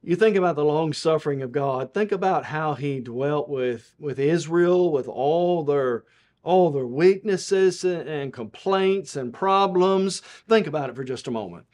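A man preaching a televised Bible lesson, rising to emphatic peaks and then dropping low and soft, quoting scripture in a measured cadence.

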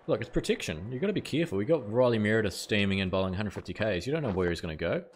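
A man's voice: fairly low pitch, lively intonation, racing, slight background noise. A man streaming a cricket video game live, chatting casually with viewers and swearing now and then. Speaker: gaming streamer.

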